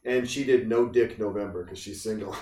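Male podcaster, animated storyteller who acts out quotes, roomy and off mic. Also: lowish voice, a little fast, recorded from a distance, crowd noise. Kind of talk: casual chat.

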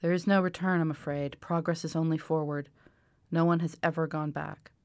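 A woman reading the lines of a gentle, earnest old man who speaks patiently and firmly. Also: deep voice, flat delivery, moderate pace, dry recording, studio quality. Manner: patient, apologetic, firm.

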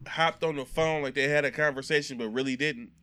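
A man's voice: mid-range voice, fairly even intonation, fairly quick, fairly bright tone. A man co-hosting a podcast, giving blunt advice in casual chat.

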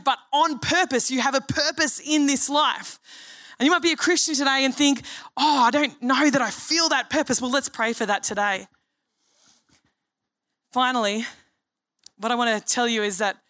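A woman's voice: fairly high pitch, sharp tone. Earnest woman pastor preaching. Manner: earnest, storytelling, acts out dialogue. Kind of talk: sermon.

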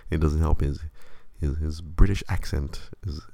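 A man's voice: rumbling low, steady tone, brisk, gravelly, few pauses, warm tone, dry recording. A man hosting a show, chatting casually and rambling with many stammered restarts. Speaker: podcast host. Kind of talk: casual chat.

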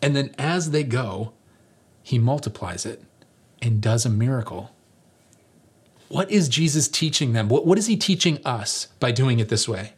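A man preaching a sermon as pastor, animated and jokey, acting out the lines he quotes. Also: medium pitch, unhurried, long pauses, breathy edge.

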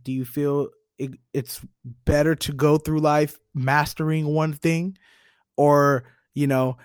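A man's voice: fairly high pitch, no echo, studio quality. A man co-hosting a podcast in a laid-back, joking way, posing a question for the group to discuss. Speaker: podcast co-host. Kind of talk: casual chat.

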